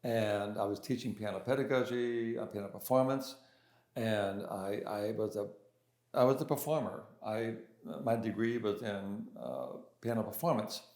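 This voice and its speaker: A man's voice: on the low side, moderate pace, darkish tone. An older man, a pianist and composer, being interviewed and telling his story in a casual, hesitant way with many restarts and fillers. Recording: roomy echo.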